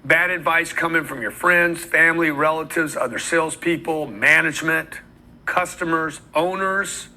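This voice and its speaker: A man's voice: fairly high pitch, fairly even intonation, normal speed, sharp tone, poor audio. A man giving a blunt, emphatic motivational talk on sales, acting out the voices of customers and salespeople as he goes. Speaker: sales trainer.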